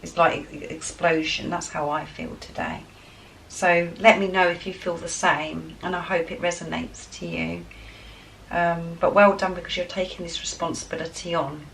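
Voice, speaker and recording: An enthusiastic woman reads tarot cards and gives spiritual guidance, talking straight to her viewers with a lot of excitement. Her voice sits on the low side and has a gravelly edge. The mic is some way off, and faint noise hums underneath her. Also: normal speed, far from the mic, rough recording. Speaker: tarot card reader. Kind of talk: spiritual guidance reading to camera.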